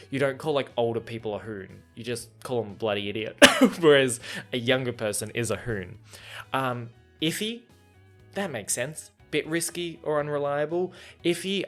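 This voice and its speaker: Young Australian guy, mid-pitch, loose rambling podcast host, faint music bed underneath. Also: fairly bright tone. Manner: chatty, laughs often, loose and rambling. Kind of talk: casual solo podcast chat.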